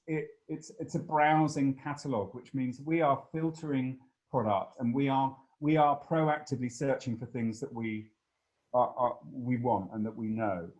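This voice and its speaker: A man giving a long, animated interview answer, full of fillers and playful asides. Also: medium pitch, low-quality recording. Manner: expansive, animated storytelling with many fillers.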